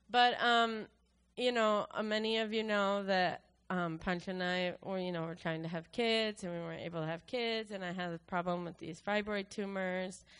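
A woman sharing a personal testimony with her congregation, speaking emotionally and haltingly with many fillers and restarts. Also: mid-range voice, fairly bright tone, clean tone. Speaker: church worship leader.

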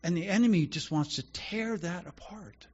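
A man's voice: high-pitched, normal speed, a little mellow, slightly rough, dull audio. A man preaching a sermon as pastor, earnest and conversational, often restarting his sentences.

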